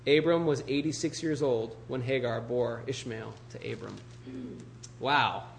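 A man's voice: medium pitch, steady tone, a little slow, vocal fry, a little hiss or hum. A male pastor preaching a casual, joking sermon and reading scripture, full of "you know" and "like".

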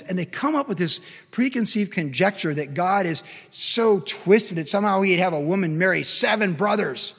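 A man with a notably high voice preaches a sermon, driving his points home and then dropping to a hush. His words ring out with a long reverb, as if he stands in a big hall. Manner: emphatic preaching with sudden swings between loud and soft. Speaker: pastor.

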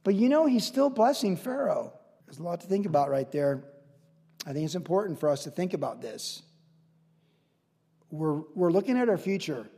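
A man preaching a casual verse-by-verse sermon, chatty and animated, acting out the people in his stories. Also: high-pitched, moderate pace, gravelly, long pauses, slightly rough. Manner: chatty, animated storytelling with acted-out quotes. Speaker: pastor. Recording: long reverb of a large church hall.

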